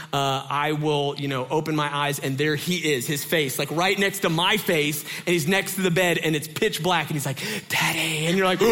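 A man in his thirties preaching a casual sermon, telling stories in an animated way with many fillers. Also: fairly high pitch. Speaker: pastor.

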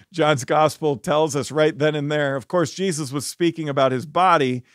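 A man's voice: fairly high pitch, steady tone, normal speed, no echo, studio quality. Earnest man teaching scripture on a podcast. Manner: earnest, reflective, with soft laughs and restarts.

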